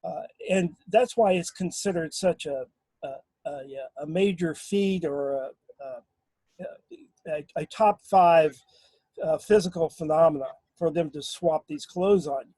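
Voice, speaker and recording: A man talking casually in a remote group discussion, halting, with many fillers and restarts. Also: fairly high pitch, dark tone, no room sound, low-quality recording. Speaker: guest on a paranormal discussion.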